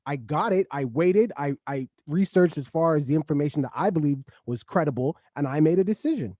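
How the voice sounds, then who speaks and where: High-voiced man on a podcast. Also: animated, brisk, hardly any pauses, darkish tone, no echo, studio quality. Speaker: podcast co-host. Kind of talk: casual podcast chat.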